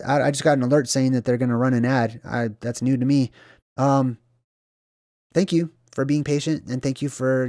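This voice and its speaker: A man in casual commentary mode goes through a film scene by scene and keeps checking in with "right?". His voice sits at an ordinary middle pitch. The recording is dry and close, with no room sound. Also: darkish tone, no echo. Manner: conversational, says "right?" often, acts out quotes. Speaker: channel host.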